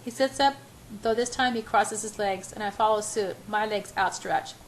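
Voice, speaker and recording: A woman's voice: medium pitch, moderate pace, a little hiss or hum, poor audio. A woman reading a first-person romance novel aloud in a breathless, emotional way. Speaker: audiobook reader.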